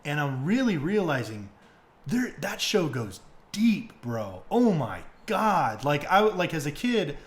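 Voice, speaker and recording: A young man hosting a podcast, retelling stories in casual, excitable chat full of fillers and swearing. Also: fairly high pitch, slow pace. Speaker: podcast host.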